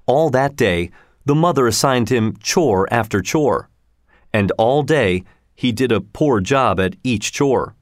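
A man reads a children's story aloud, unhurried and carefully paced. His pitch rises and falls expressively through each sentence. The sound is dry and close with no room around it. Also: dry recording. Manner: slow, measured, expressive. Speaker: narrator. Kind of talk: storybook narration read aloud.

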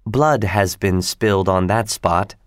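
Old woman housekeeper, solemn and mysterious, low warnings, read by a man. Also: takes it slowly, clear, resonant tone, no echo, clean studio sound. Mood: ominous.

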